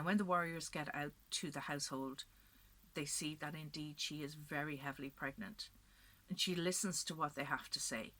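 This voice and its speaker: A woman's voice: sits low, sharp tone. A woman storyteller narrating a legend expressively, building to dramatic peaks and dropping to whispers.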